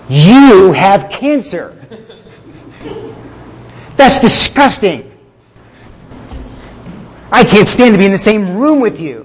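A man's voice: high voice, husky, pitched above the performer's own voice, exaggerated voice. A man voicing a scornful male doctor who sneers at a sick patient. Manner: contemptuous, rising and louder.

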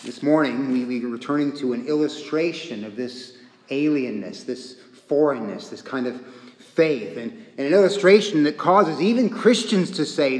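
A man preaching a sermon in an earnest, deliberate way, repeating phrases and pausing often. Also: medium pitch, animated. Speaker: pastor. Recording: echoey church hall with long reverb.

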